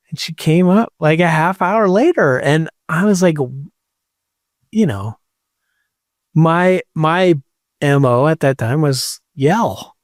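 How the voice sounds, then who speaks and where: Slow-talking, higher-voiced man telling a story. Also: animated, a little mellow, no room sound, studio quality. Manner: rambling, swearing, many likes. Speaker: podcast host. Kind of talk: casual storytelling.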